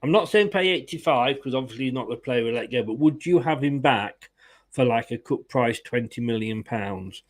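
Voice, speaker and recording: A man's voice: medium pitch, animated, normal speed. A man hosting a casual fan live stream, chatting, laughing and greeting viewers in the chat. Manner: chatty, laughs often, reads viewer comments aloud. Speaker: fan channel host.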